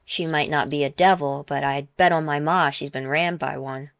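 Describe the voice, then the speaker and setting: A man's voice: a little high, fairly even intonation, moderate pace, gravelly, a bit bright, smooth, dry recording, clean studio sound. A woman voicing a petty young male soldier who stutters, whines and spits out insults. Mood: spiteful. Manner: stuttering, pleading, spiteful.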